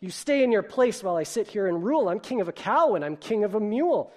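A man voicing a boastful, greedy male turtle king in a storybook reading, loud and commanding. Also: high-pitched, sing-song, fast, voice pushed up.

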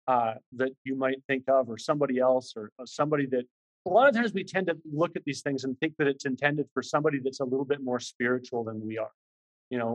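A man's voice: a little high, low-quality recording. Earnest man preaching conversationally. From Canada. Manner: earnest, repetitive, many restarts and fillers. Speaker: visiting preacher. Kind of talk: conversational sermon.

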